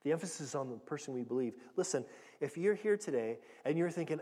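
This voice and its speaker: A man's voice: fairly high pitch, lively intonation, fast, mellow, long reverb tail. A man preaching a conversational sermon, earnest and direct, often restarting and repeating his words. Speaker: pastor teaching a Bible passage.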